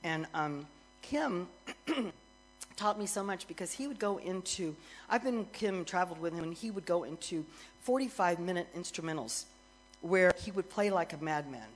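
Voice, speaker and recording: Woman, middle-aged, worship minister, sermon storytelling, animated, faint music behind. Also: on the low side, normal speed, rough recording. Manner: animated storyteller, grows excited and loud, laughs.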